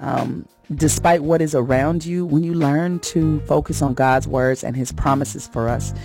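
A woman's voice: low voice, measured pace. Woman radio host, earnest and preacherly, faint music underneath. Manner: warm, earnest, preacherly, rising in emphasis. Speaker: radio host giving a faith message. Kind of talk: inspirational radio talk.

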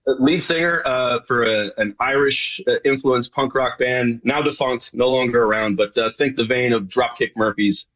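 A man's voice: mid-range voice, normal speed, hardly any pauses, fairly bright tone, no room sound, lo-fi sound. A middle-aged man from New York, a guest in a casual interview, talking in a rambling way full of fillers and restarts. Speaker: guest, TV show presenter.

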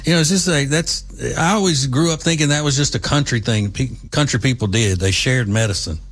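A man's voice: mid-range voice, fairly quick, a bit bright. A middle-aged man, hosting a casual commentary monologue in a rambling, folksy, conversational way. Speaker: commentary show host.

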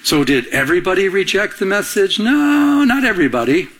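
A man's voice: high-pitched, very animated, a little fast, fairly bright tone. A middle-aged male pastor preaching a conversational sermon, firing off rhetorical questions and calling on the congregation to answer.

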